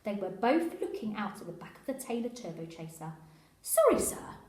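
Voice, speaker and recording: A woman teacher reading a children's story aloud in an expressive, animated way. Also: mid-range voice, a little fast. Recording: echoey room.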